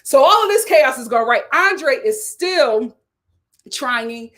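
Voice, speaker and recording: Lively high-voiced woman recapping reality TV. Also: slow. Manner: animated storytelling with acted quotes and laughter. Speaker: reality TV review host. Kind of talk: casual recap commentary.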